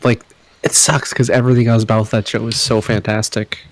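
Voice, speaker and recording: Low-voiced male podcast co-host. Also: flat delivery, brisk. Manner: laughs often, short agreements. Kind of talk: casual chat.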